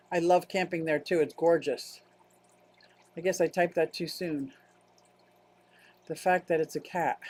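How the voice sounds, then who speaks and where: A woman from upstate Pennsylvania hosting a casual livestream, chatting loosely and answering viewer comments in a rambling, self-interrupting way. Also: on the low side. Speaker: livestream host.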